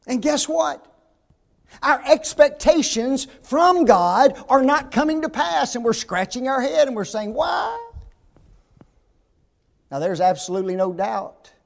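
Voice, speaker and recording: Preaching in church, this male pastor speaks with an extremely high pitch and audible vocal fry. His delivery is emphatic, full of rhetorical questions, with big shifts from loud to quiet.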